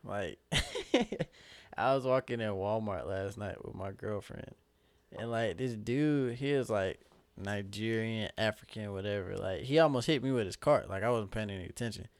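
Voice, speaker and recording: A man's voice: on the low side, normal speed, no room sound. A man chatting casually on a podcast, telling loose, profane stories and laughing often. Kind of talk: casual chat.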